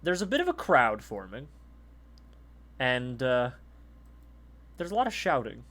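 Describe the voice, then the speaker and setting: A man's voice: mid-range voice, huge pitch swings, unhurried, a bit bright. A man narrating a tabletop game as game master in a casual, profane way. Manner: casual, profane, laughs easily.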